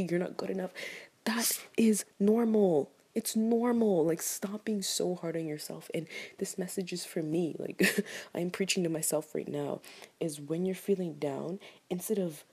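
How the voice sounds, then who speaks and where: A woman's voice: low voice, warm tone, husky. A young woman in candid personal talk to camera, rambling and heartfelt, full of "like" fillers, sometimes dropping to a whisper. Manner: rambling, heartfelt, self-critical, many "like" fillers. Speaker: vlogger.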